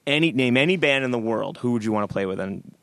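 A man's voice: mid-range voice, fast talker, gravelly, dry recording. A middle-aged man, a guest musician, telling stories in a podcast interview and acting out the people he quotes. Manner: animated storyteller acting out quoted voices.

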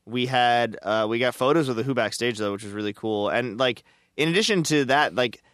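A man in his thirties co-hosting a podcast, telling stories in an animated, casual way full of fillers. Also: medium pitch, fairly quick, clear, resonant tone, no echo, clean studio sound. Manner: animated, filler-heavy storytelling. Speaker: podcast co-host. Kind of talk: casual chat.

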